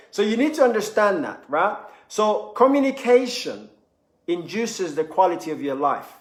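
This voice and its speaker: A man's voice: on the high side, roomy sound. A man giving a motivational talk, repeating phrases for emphasis and acting out quoted speech. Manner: repetitive, emphatic, acts out quoted voices. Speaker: motivational speaker.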